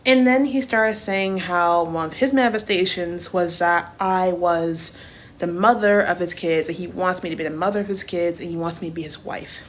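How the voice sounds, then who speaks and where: A woman's voice: on the low side, steady tone, moderate pace, slight background noise. Blunt, swearing young woman. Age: 20s. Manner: blunt and profane, repeats herself for emphasis. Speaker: TikTok creator. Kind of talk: casual storytime rant.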